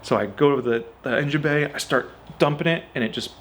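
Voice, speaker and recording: A man's voice: fairly high pitch, brisk, a little hiss or hum. A man telling a story about his car in a casual, chatty way, peppering it with "like" and "you know" and acting out what people said. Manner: animated, acts out quoted dialogue. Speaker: car owner.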